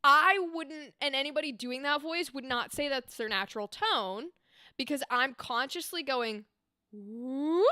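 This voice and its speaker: Animated young woman voice actor streaming. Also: high-pitched, moderate pace, no room sound, studio quality. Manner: animated, talks with her hands, explains with demonstrations. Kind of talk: casual livestream chat. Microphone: desk microphone.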